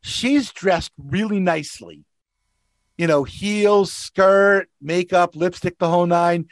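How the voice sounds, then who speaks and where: Speaking slowly in a high voice, this man tells casual rideshare anecdotes as a regular guest on a podcast. He gets animated, doing the voices of the characters he describes, and there's no room sound at all.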